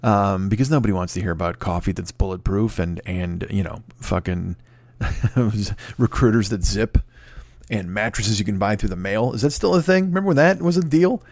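A man hosting his podcast alone from home, rambling quickly with plenty of swearing, cracking himself up. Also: on the low side, darkish tone, no room sound. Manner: rambling, profane, fast-talking and self-amused. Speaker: podcast host. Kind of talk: solo casual monologue. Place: home recording setup. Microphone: close mic.

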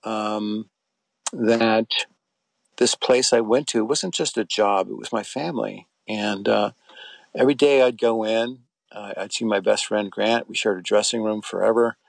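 Low-ish and gravelly, his voice stays steady and unhurried, with no room sound in the recording. This middle-aged interview guest, formerly on a soap, tells rambling stories of his acting career, restarting often and leaning on fillers.

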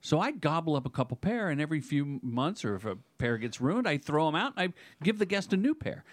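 A man's voice: on the high side, sing-song, fairly quick, no echo. A man appearing as a podcast guest, chatting casually and explaining things step by step. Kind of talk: casual chat.

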